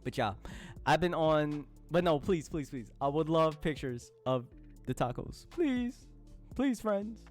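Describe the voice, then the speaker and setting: A man streaming live, chatting casually with his viewers, laughing often and breaking into loud outbursts. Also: on the high side, a little slow, faint music behind. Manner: addresses chat as y'all, slangy.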